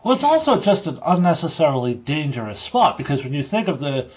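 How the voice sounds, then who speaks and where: Animated, slightly high-voiced teasing man. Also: brisk, slightly rough. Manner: teasing, lively, crude humor. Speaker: podcast co-host. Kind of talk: casual wrestling podcast chat.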